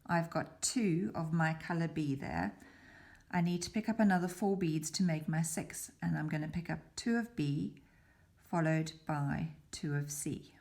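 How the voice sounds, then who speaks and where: A woman tutor gives a step-by-step beading demonstration at a measured pace, her deep voice slightly mellow. Methodical and patient, she slips into whispers at moments of concentration.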